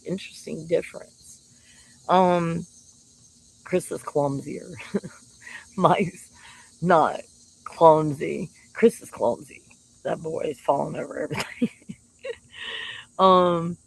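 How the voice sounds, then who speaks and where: A woman's voice: low-pitched, vocal fry, husky, low-quality recording. A woman talking casually about her partner, chatty and laughing often. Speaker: shaman. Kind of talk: casual monologue to camera.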